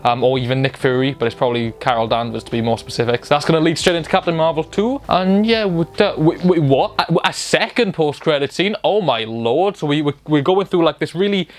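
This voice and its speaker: A young man hosting a film channel, recapping a series finale in an excited, casual way, swearing and acting out the characters' lines as he goes. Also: on the high side, a little fast, few pauses. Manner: excitable, swears, acts out quotes. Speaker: film review host.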